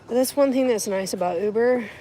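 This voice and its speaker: A woman's voice: a little high, brisk, warm tone, a little hiss or hum, rough recording. A woman vlogging casually as she runs errands between rideshare shifts, talking to herself and to viewers as she goes. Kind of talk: casual vlog narration while running errands.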